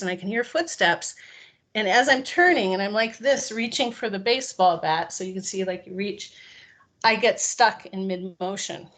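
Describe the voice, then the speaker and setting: A woman, a guest on an interview show, telling a personal story and acting out the quoted lines of the people in it. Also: medium pitch. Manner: animated, acts out quoted dialogue.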